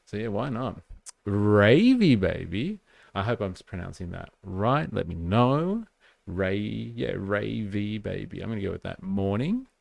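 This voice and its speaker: Male stream host with a Western Sydney Australian accent, low and gravelly, loose and chatty, dry close mic. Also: big pitch swings, normal speed, dry recording. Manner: rambling, lots of "like" fillers, chatty with viewers. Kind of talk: casual political commentary stream.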